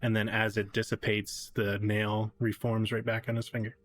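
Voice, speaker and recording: A man's voice: fairly low pitch, normal speed. A man acting as game master, narrating events loosely with fillers. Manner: relaxed, hesitant narration with fillers.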